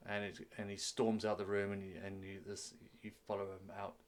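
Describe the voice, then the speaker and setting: Low-voiced guy running a tabletop game stream, loose narration, lots of restarts, faint background hum. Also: monotone, a little fast. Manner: loose storytelling, many restarts. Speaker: game master.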